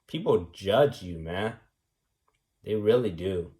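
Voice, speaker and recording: A man's voice: mid-range voice, animated, slow, long pauses. A man delivering a rambling, preachy monologue, repeating himself and tagging lines with "man" and "right". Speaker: vlogger.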